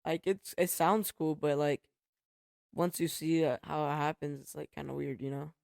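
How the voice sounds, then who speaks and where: Brief: young male co-host, slightly high, hesitant and rambling, dry mic. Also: fairly even intonation, normal speed, vocal fry, dry recording. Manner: hesitant, trails off with fillers. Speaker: podcast co-host. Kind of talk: casual chat.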